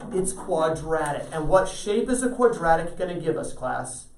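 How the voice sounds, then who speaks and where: In a classroom math lecture, a man speaks at normal speed in an animated, slightly high voice, working through problems and frequently checking that students are with him. There's slight background noise, a roomy echo, and his voice comes from far off.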